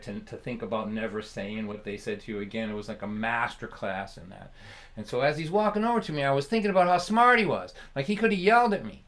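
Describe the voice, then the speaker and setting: A man telling a personal story on a live stream in an animated, conversational way, often laughing. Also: mid-range voice. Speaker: folk singer and storyteller.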